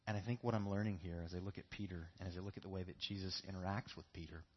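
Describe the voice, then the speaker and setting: Low, husky-voiced man preaching. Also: steady tone, rapid-fire, lo-fi sound. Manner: earnest, repeats key phrases for emphasis. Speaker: pastor. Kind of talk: sermon. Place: church.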